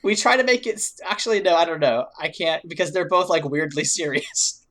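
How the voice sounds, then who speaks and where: A woman's voice: fairly low pitch, brisk, fairly bright tone. A woman co-hosting a podcast in casual chat. She laughs often and fills her sentences with "like". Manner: chatty, laughing, lots of "like". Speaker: podcast co-host.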